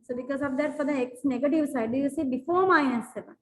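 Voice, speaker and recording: A woman's voice: sits high, fast talker, low-quality recording. A woman teaching a maths lesson in a classroom, repeating herself with fillers and restarts, and often asking whether the students follow. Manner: repetitive, with many fillers and restarts. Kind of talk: classroom lesson explaining graphs.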